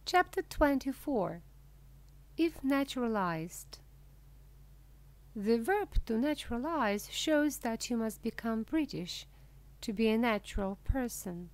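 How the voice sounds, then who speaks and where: Woman, audiobook narrator, slow deliberate pace, slightly high pitch. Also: dry recording. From Russia. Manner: slow, clear, deliberate reading. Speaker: audiobook reader. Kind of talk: scripted narration of a graded reader.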